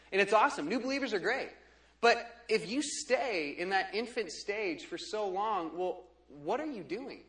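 A young man preaching a sermon as a pastor, animated and joking, dropping into quiet asides between loud bursts. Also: sits high. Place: church sanctuary. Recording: echoey church hall.

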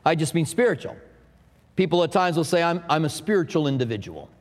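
Preaching man with a high voice, long reverb. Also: lively intonation, fairly quick. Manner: teaching with asides and humor. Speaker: pastor. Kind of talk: sermon.

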